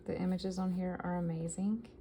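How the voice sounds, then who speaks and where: A woman from the American South talks through her vintage finds in an easy, enthusiastic vlog style. Her voice sits low and mellow, with a gravelly edge. A faint noise hangs behind her. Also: fairly even intonation, moderate pace, rough recording. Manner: chatty and enthusiastic, reading items aloud. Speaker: vintage collector vlogger. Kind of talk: casual show-and-tell haul.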